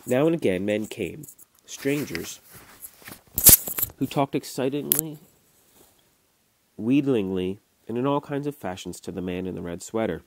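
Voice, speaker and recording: A man reading a classic novel aloud to his children, at a steady storytelling pace with small restarts. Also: lowish voice, a little slow, pauses often, noisy background. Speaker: father reading to his kids. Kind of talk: audiobook narration. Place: home recording.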